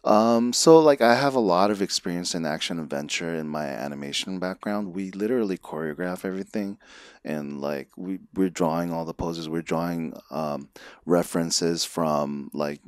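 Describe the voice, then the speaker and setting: Male director guest on a podcast; deep, dry voice, easygoing and chatty. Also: normal speed, clear, resonant tone, no echo. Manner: relaxed, frequent fillers like "like" and "so". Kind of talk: casual conversation.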